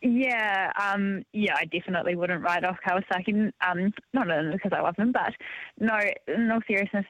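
A woman's voice: medium pitch, brisk, fairly bright tone, dry recording. A woman chatting about racing on a sports radio show, bubbling with enthusiasm and dotting her talk with little ums and yeahs. her voice comes through a dull, muffled lo-fi line, dry and close with no room sound around it. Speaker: motorcycle racing pundit. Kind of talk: casual radio sports chat.

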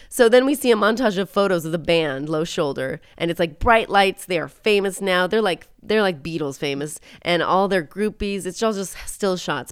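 A woman's voice: sits low, smooth, dry recording. A woman casually retelling a film plot in close detail, jumping into the characters' lines as she goes. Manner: animated storyteller, acts out quotes.

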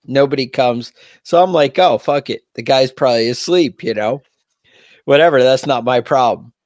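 A man's voice: medium pitch, normal speed, no echo, studio quality. Profane, storytelling podcast co-host man. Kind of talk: casual chat.

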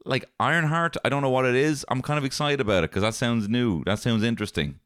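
A man co-hosting a casual film chat, animated and swearing freely as he acts out lines from scenes. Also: medium pitch, fast talker, clear, resonant tone, dry recording, studio quality. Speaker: podcast co-host reviewing films.

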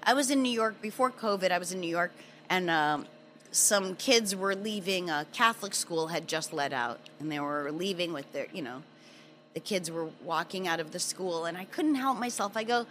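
A woman's voice: on the low side, lively intonation, moderate pace, fairly bright tone, a little hiss or hum. A woman in a clip speaking directly to the viewer, emphatic and insistent. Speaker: comedian in a clip. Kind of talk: earnest direct address.

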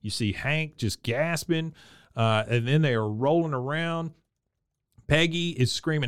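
A man's voice: fairly high pitch, measured pace, smooth. A man co-hosting a podcast, casually retelling scenes and acting out the characters' lines. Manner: retells scenes, reading out quotes in put-on voices. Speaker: podcast co-host. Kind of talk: casual recap chat.

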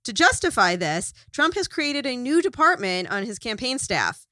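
Woman, lively pitch, bright voice, dry close sound, sarcastic joke reading. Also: moderate pace, no echo. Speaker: comedy writer pitching jokes. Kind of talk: casual writers' room chat.

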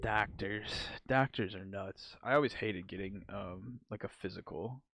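A man's voice: lowish voice, measured pace, creaky, fairly bright tone, no echo. A young man co-hosting a podcast, chatting crudely and rambling, full of fillers and laughter. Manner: rambling, giggly, lots of fillers. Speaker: podcast co-host. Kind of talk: crude comedic chat.

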